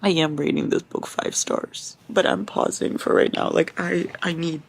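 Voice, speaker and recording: A woman vlogging casually about a book series, excitable, swearing and reacting loudly as she reads. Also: low-pitched, unhurried, gravelly, breathy edge, rough recording. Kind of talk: casual reading vlog.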